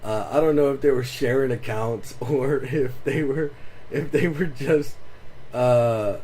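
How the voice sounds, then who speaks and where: A man's voice: mid-range voice, unhurried, mellow, slight background noise. Laid-back swearing man streaming a game. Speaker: gaming streamer. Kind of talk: casual gameplay commentary.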